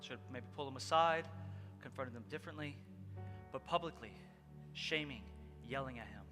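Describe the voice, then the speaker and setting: A man's voice: mid-range voice, normal speed. A man preaching a conversational sermon, telling a personal story earnestly and speaking directly to his congregation. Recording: long hall reverb with loud music behind.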